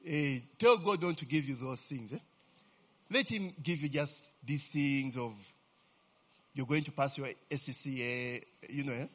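A man's voice: medium pitch, unhurried, a bit bright. A man preaching a sermon to a congregation, tagging his sentences with a questioning "eh?", prompting answers and chuckling as he goes. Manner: chuckles often mid-sentence. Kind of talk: lively sermon with audience call-and-response.

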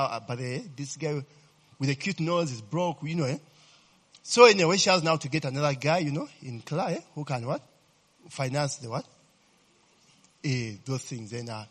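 A middle-aged man with a Ugandan English accent talks to an audience in a loose, teasing way. He laughs easily and keeps throwing questions back at his listeners. His voice is husky and sits a little high for a man. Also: a bit bright. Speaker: speaker addressing an audience. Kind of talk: informal talk to a crowd.

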